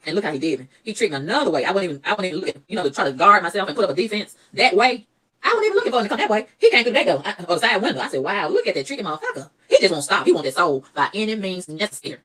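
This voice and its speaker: A middle-aged woman, telling a story in a casual monologue, animated, profane and preachy. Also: lowish voice.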